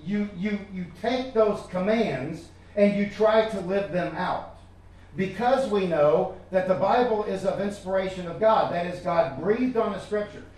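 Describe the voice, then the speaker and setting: High-voiced man preaching in an echoey church. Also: a little slow, a little mellow. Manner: emphatic, repeats words, addresses listeners directly. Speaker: pastor. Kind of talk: sermon. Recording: echoey room from far off.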